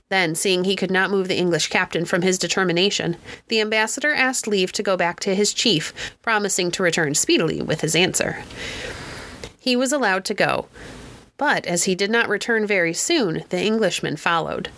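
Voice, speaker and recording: A woman narrating a history book chapter in clear, steady storytelling. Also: medium pitch, normal speed. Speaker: audiobook reader. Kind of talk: scripted narration.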